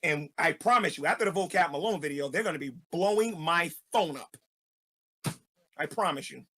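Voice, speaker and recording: A man's voice: on the high side, animated, moderate pace, a bit bright, breathy edge. A man, a street evangelist, delivering an angry ranting video monologue, repeating himself and stammering as he goes.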